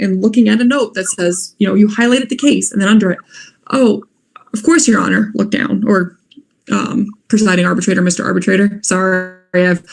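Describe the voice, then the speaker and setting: A woman's voice: mid-range voice, creaky. A young woman giving practical advice on moot court arguments in an informal, earnest way, with fillers and restarts. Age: young adult.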